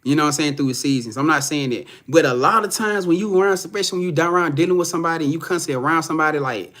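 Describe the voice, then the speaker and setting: A young man with a slightly raised pitch chats loosely on a live stream. He rambles and swears, restarts his sentences often, and reads viewers' comments aloud as he answers them. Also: racing, a bit bright. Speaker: live stream psychic reader.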